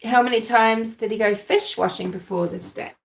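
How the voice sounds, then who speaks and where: Kiwi woman rambling on a true crime stream, bit of vocal fry, roomy sound. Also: fairly high pitch, moderate pace. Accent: softened New Zealand. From New Zealand. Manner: chatty, thinks aloud, answers live chat. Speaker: livestream host. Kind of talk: casual true-crime livestream chat.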